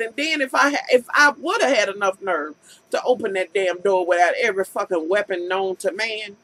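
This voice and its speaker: A woman's voice: high voice, sharp tone, no echo, low-quality recording. A woman vlogger recapping a TV episode in a casual, profane rant, acting out scenes with incredulous commentary.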